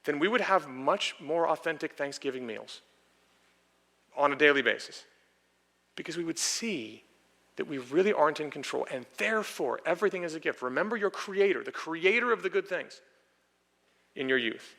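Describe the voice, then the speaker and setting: A man's voice: a little high, expressive, normal speed, creaky, bright, forceful tone. A man preaching a conversational sermon as pastor, earnest and explaining each point again in new words. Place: church sanctuary. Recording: long reverb of a church hall.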